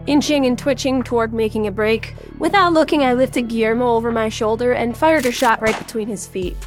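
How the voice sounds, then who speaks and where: Woman reading a story in first person, kinda dry and sarcastic, slightly higher voice, soft music behind. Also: brisk. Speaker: narrator. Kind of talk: first-person audiobook narration.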